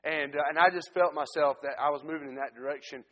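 A man tells his story from the pulpit in an earnest way, stumbling and restarting as he goes. His voice sits somewhat high for a man. A long church-hall reverb trails behind every phrase. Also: steady tone, quick pace, fairly bright tone, highs cut off. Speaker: missionary preacher. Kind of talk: testimony sermon to a congregation. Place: church sanctuary.

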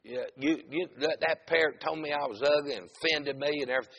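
An offended woman customer who complains in a flustered rush and a raised voice as a preacher plays her. There is a bright, gravelly edge to it. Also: a little high, fairly even intonation, fast, in a large hall, highs cut off, a little hiss or hum, voice pushed up.

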